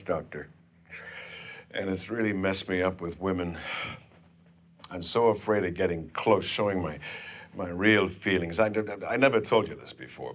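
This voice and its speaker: A man playing a mopey neurotic patient. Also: low-pitched. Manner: mopey, self-pitying. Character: neurotic male patient confessing to a doctor. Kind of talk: scripted comedy sketch.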